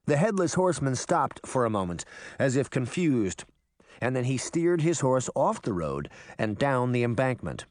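Man narrating with lively expression. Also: mid-range voice, normal speed, no echo. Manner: expressive, animated storytelling. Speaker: audiobook narrator. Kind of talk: scripted storybook narration.

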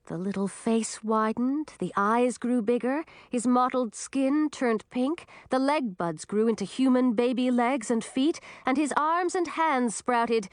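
A woman's voice: unhurried, few pauses, no room sound, studio quality. A woman reading a storybook aloud, narrating expressively. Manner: expressive, varied pitch.

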